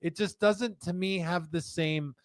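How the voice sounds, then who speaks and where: Man, live-show host, joking casual chat, fairly high voice, dry close sound. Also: measured pace, no echo. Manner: animated and joking, reads viewer comments aloud. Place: indoor studio room with a humidor.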